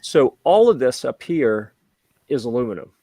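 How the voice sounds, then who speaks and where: Animated storytelling man in casual chat. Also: medium pitch, moderate pace, husky, no echo. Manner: animated storyteller acting out quoted voices. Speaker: podcast host.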